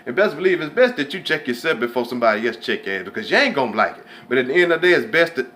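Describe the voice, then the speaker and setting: A man hosting his own show, giving a conversational, preachy faith and motivation talk, dropping to a low hush when voicing inner thoughts. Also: lively intonation, rapid-fire, slight background noise. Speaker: host.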